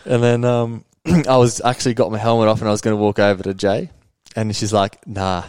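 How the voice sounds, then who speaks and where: A young man telling motocross race stories in a relaxed, rambling way, laughing now and then as a podcast guest. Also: fairly low pitch, brisk, clear, resonant tone, no room sound. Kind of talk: casual interview storytelling.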